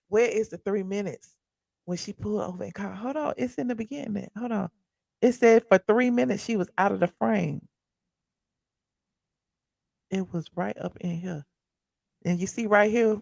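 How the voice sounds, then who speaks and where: Woman chatting on her channel, gravelly, dry close sound, talks back to the chat. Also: mid-range voice, brisk, darkish tone, no echo. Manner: chatty, reacting to chat and video. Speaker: host of a pop culture commentary channel. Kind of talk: casual live commentary.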